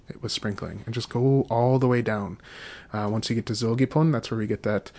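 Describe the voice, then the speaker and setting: A man teaching a podcast language lesson, saying each phrase slowly several times, then giving the meaning and explaining the grammar in a relaxed, casual way. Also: on the low side, vocal fry, husky. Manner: slow, repeated drilling of phrases.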